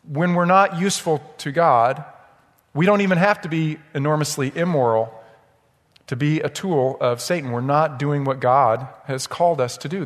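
A man's voice: a little high, big-room sound. A man preaching a sermon as pastor, emphatic and often checking in with the congregation. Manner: emphatic, repeats "right?" to the congregation. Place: church sanctuary.

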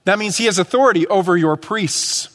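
A man preaches from the pulpit, his voice sitting a little high for a man. He teaches conversationally and slips into quick acted-out lines. The sound carries a long church-hall reverb. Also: fairly bright tone. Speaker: pastor. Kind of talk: sermon. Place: church sanctuary.

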